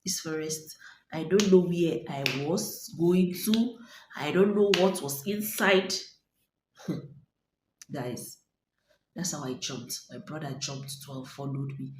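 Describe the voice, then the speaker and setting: With a low voice and slow pace, a young Nigerian woman recounts a story dramatically for her vlog viewers, performing voices and lowering to whispers. The room sounds echoey, with faint ambient noise.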